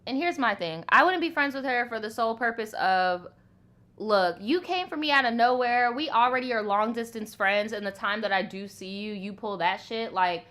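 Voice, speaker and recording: Woman host for casual storytime commentary: animated, profane, quick to laugh, with a bright, forceful tone. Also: on the high side.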